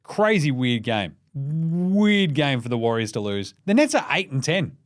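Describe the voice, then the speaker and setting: A young man with an Australian accent hosting a casual basketball recap, sweary and excitable, rambling between scores and jokes. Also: medium pitch, measured pace, no room sound, studio quality. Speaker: NBA recap podcast host.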